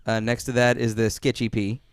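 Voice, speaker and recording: Animated young man telling stories. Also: medium pitch, a little fast. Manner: animated storytelling with many restarts. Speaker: podcast co-host. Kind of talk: casual chat.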